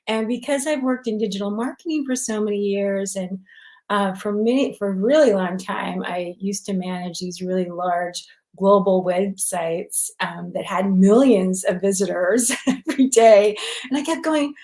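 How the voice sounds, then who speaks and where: A middle-aged woman, a guest in an interview, telling her story in a lively, expressive way, laughing often and mixing in Spanish words. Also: mid-range voice, normal speed. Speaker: guest, recipe website founder.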